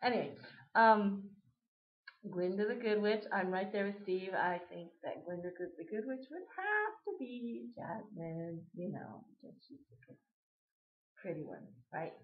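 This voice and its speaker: A woman's voice: mid-range voice, big pitch swings, measured pace. A woman chatting casually to camera, rambling and giggling as she answers a question tag. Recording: dull lo-fi webcam audio.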